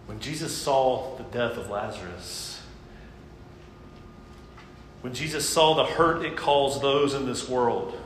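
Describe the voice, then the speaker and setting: A man delivering a sermon in an earnest, emphatic voice, reading scripture aloud and explaining it. He swings between raised emphasis and hushed intensity. The recording has a long, roomy church reverb with faint noise behind him. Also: mid-range voice, takes it slowly, pauses often. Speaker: preacher. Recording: echoey hall, faint background noise.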